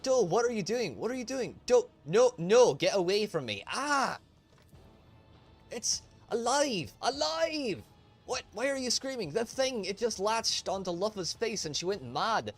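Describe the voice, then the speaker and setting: Guy reading as scruffy smuggler crew, pitched up way high, yelling, rough slang. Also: very animated, normal speed, faint music behind, lightly acted. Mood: panicked. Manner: shouty, rough slang, frantic.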